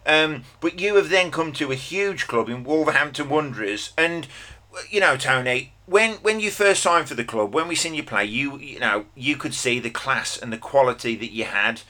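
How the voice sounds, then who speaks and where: A man's voice: mid-range voice, animated, moderate pace, pushed and bright. A man hosting a podcast, asking friendly questions with lots of fillers. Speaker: podcast host. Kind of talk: casual interview.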